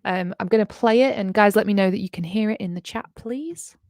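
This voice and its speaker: A woman's voice: medium pitch, fairly quick, a little mellow, no echo, clean studio sound. A woman hosting a casual reaction livestream, chatty and upbeat with frequent ums and laughs. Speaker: livestream host.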